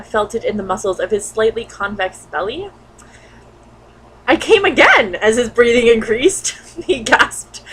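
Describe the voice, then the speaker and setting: A woman's voice: medium pitch, slight background noise, rough recording. A woman reading bad fan fiction aloud for laughs, often breaking into giggles and exasperated asides. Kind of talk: comedic dramatic reading with commentary.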